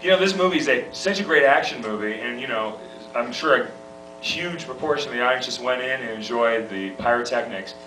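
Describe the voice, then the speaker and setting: A man's voice: medium pitch, brisk, bright, forceful tone. A man interviewing an actor in a chummy, easygoing way, laughing along often. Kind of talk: casual interview. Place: festival event room. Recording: echoey room, mic far off, music.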